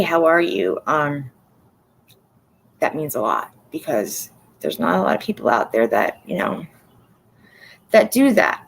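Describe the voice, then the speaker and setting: A woman's voice: low-pitched, gravelly, slight background noise, low-quality recording. Rambling sleep-deprived woman streamer. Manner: rambling, candid, swears freely, laughs at herself. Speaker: livestream host. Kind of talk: casual livestream chat.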